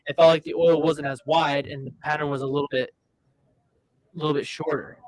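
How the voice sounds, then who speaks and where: A man with a fairly high voice, recorded close and dry, co-hosts a casual podcast about bowling. He jokes sarcastically and often stops to restart his sentences. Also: flat delivery, no echo, poor audio. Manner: joking, sarcastic, halting restarts. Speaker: podcast co-host.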